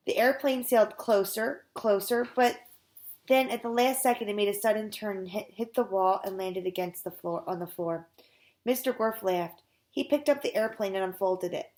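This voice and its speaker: A woman's voice: mid-range voice, moderate pace. A woman teacher reading a children's chapter book aloud to her students, with casual chatty asides.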